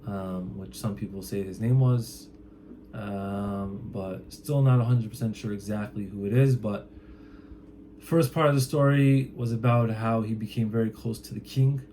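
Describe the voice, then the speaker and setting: Mellow-voiced man retelling a tale casually. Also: fairly low pitch, normal speed, slight background noise. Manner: loose and chatty, many fillers and "he's like" quotes. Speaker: storyteller.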